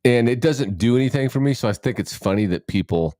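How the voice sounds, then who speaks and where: A man's voice: mid-range voice, expressive, fast, mellow, no echo, studio quality. A middle-aged man co-hosting a podcast, chatting casually and rambling, cutting himself off and swearing freely. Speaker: podcast co-host. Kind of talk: casual chat.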